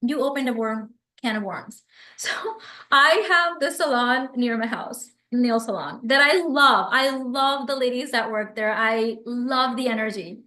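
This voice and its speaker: High bright-voiced woman doing a live stream, gushy and animated, reading comments out, echoey room. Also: measured pace. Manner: effusive, animated, reads viewer comments aloud. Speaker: livestream host and business coach.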